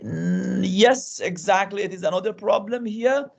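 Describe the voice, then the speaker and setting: Man lecturing online, fairly high voice. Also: a little slow, vocal fry. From Iran. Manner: interactive, often restarts and repeats words. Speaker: guest lecturer. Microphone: video call.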